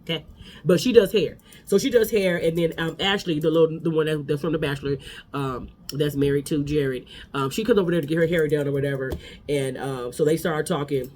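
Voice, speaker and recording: A man's voice: on the high side, steady tone, brisk, darkish tone, a little hiss or hum. A man giving a casual, sassy gossip recap of a reality show, talking straight to his viewers.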